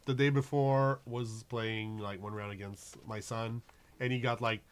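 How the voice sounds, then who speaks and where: A man's voice: medium pitch, fairly even intonation, a little slow, clean tone. A middle-aged man co-hosting a card game stream, chatting casually, laughing easily and narrating his plays. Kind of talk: casual chat while playing a card game.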